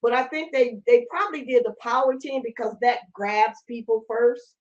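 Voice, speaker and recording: A chatty woman hosting a talk show, asking questions with quick enthusiasm. Her voice sits a little high, and the audio sounds muffled and lo-fi. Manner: chatty and excitable. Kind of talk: casual interview chat.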